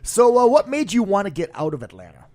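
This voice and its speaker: A man hosting a casual podcast chat, loose and profane, often dropping into low mutters. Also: sing-song, fast talker, warm tone. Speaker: podcast host.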